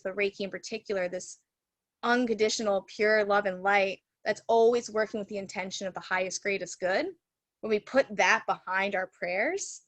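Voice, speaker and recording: A woman's voice: mid-range voice, no echo. A woman Reiki teacher telling a story in a casual, chatty way over a video call from her home, full of fillers. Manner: chatty, lots of "like" and "you know" fillers.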